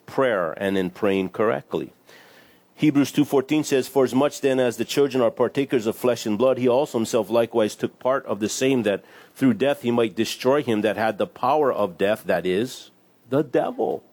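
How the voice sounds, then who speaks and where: Male pastor, conversational sermon, middle pitch, playful asides. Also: moderate pace, a little mellow. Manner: conversational, acts out little voices with laughs. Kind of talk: casual sermon with scripture reading.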